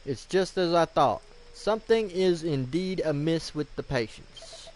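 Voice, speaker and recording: A man's voice: on the high side, animated, measured pace, darkish tone, pitched above the performer's own voice. Man doing a grave old sage. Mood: solemn. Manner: grave, formal reading of game dialogue.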